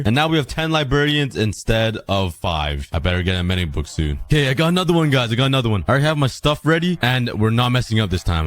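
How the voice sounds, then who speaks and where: A young man in his twenties giving excitable, dramatically frustrated Minecraft let's play commentary to his viewers. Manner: excitable, dramatic complaining, big pitch swings. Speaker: gaming YouTuber.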